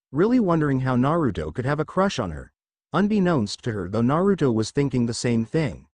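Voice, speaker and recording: Reading fan fiction aloud, this man tells the story animatedly, his pitch moving up and down. The audio is close-miked and dry, with no room sound at all.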